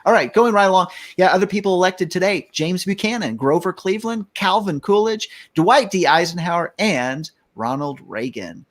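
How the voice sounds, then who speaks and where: A man's voice: high-pitched, lively intonation, normal speed, hardly any pauses. An older man hosting a casual talk show, rambling in a jokey way and reading out one-liners. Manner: jokey, rambling, telling jokes. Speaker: show host.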